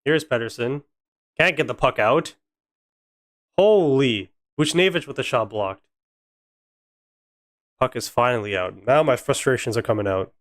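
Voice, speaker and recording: A man's voice: medium pitch, normal speed, long pauses, fairly bright tone, dry recording. A young man giving fan play-by-play on a live stream, frustrated and sarcastic about his team. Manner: exasperated, sarcastic fan commentary.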